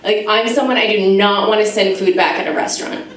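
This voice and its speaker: A woman's voice: medium pitch, steady tone, a little fast, a bit bright, far from the mic, slight background noise. An American woman in her thirties performing a chatty, self-mocking stand-up set in front of a live audience. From United States. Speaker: stand-up comedian. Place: live comedy venue with audience. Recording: echoey room, mic heard from afar, crowd laughter.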